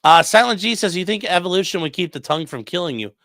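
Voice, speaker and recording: Lively bright-voiced man streaming. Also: high voice, fast talker, no room sound, clean studio sound. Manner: loose, profane, conversational. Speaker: defense attorney streamer. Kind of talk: casual livestream commentary reading chat.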